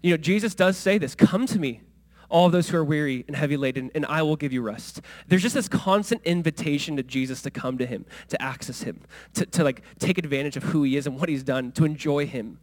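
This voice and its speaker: A male pastor preaches a sermon at a brisk pace in a conversational style, full of asides and questions for the congregation. He swings between quiet, low asides and loud, high exclamations.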